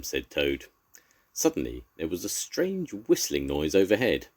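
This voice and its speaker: A man's voice: very deep voice, huge pitch swings, unhurried, a little mellow. An older man, a grandfather, expressively reading a children's story aloud.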